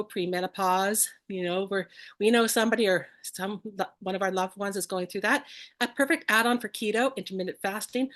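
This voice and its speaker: A woman's voice: mid-range voice, fairly bright tone. A woman co-presenting an online class over a video call, bubbly and tripping over ingredient names.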